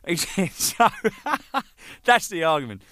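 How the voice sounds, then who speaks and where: An older man, a band's drummer, telling rambling, profane stories, laughing and acting out the shouting in them. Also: on the high side, sing-song, slow, dry recording, studio quality. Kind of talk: casual anecdotal storytelling.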